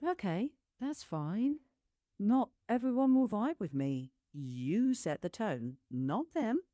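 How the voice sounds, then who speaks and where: A synthetic woman's voice with a British accent, an AI assistant answering a streamer calmly and politely. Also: medium pitch, no room sound, clean studio sound. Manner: calm, polite, measured replies. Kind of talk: chat with a streamer.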